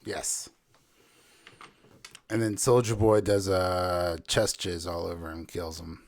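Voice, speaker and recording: A man co-hosting a casual podcast chat about a TV show, animated and jokey, often trailing off low. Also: slow. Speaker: podcast co-host.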